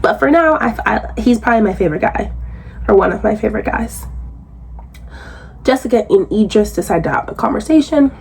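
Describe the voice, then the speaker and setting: Husky, blunt woman ranting in a recap. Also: fairly quick, long pauses. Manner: blunt, profane, animated, jumps into high outraged pitch when incredulous. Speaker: reality show recapper. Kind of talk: casual recap commentary.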